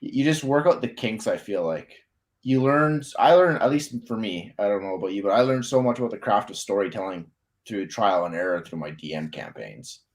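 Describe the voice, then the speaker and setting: A man hosting a casual author interview, relaxed and enthusiastic, filling his speech with "like.". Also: on the low side, a little fast. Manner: relaxed, says "like" often, enthusiastic. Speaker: interview host.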